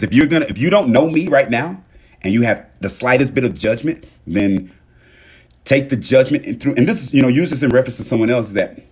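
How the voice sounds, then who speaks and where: A man hosting a casual motivational livestream, talking straight to his viewers and thanking them, swinging between loud emphasis and soft murmurs. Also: lowish voice, breathy edge. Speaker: livestream host.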